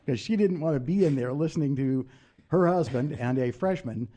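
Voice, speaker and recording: An older former congressman telling political stories in a casual interview, passionate and animated. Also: on the high side, unhurried, pauses often. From United States. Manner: animated storyteller, raises voice in retold quotes. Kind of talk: anecdotal storytelling.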